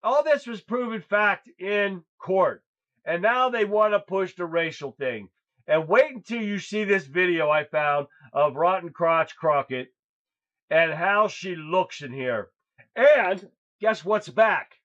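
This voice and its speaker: A man's voice: high voice, expressive, slow, fairly bright tone. A man hosting a political livestream, talking in a blunt, crude, rambling way. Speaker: host. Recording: dull lo-fi sound.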